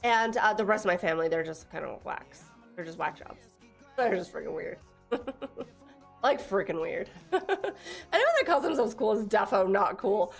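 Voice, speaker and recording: A woman's voice: medium pitch, animated, moderate pace, creaky, faint music behind. A young woman from Texas chatting casually on a live stream, laughing often and teasing her viewers as she reads their messages. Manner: giggly, teasing, reads chat aloud.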